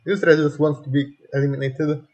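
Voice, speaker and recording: A man's voice: on the high side, flat delivery, fairly quick, darkish tone, muffled recording. Foul-mouthed man mocking game characters. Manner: blunt, swears freely while mocking the characters. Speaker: gamer playing a story game. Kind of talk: let's play commentary.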